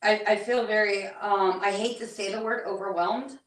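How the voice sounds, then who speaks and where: A woman working as a psychic medium, relaying what she hears in halting, hesitant bursts with many restarts. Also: medium pitch, fairly even intonation, fairly bright tone, a little hiss or hum. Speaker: psychic medium on a paranormal investigation. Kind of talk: live on-site spirit readings. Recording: echoey room, voice from a distance.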